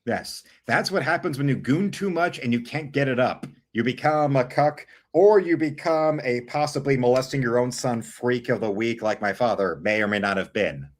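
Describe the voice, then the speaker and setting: A man's voice: mid-range voice, normal speed, hardly any pauses. A man hosting a live stream, giving blunt, sardonic commentary. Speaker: streamer host.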